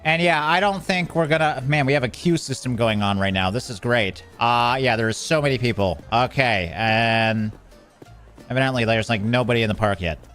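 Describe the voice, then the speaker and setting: Over soft background music, a man of medium pitch and normal speed gives running commentary on a game in a slightly bright voice. Addressing the on-screen characters, he curses mildly and grows flustered as things fall apart.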